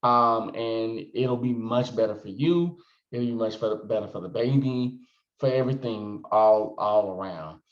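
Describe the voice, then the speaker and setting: A man's voice: fairly low pitch, a little slow. A man giving a casual, rambling psychic reading, full of fillers and restarts. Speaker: psychic reader. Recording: roomy echo, dull lo-fi sound.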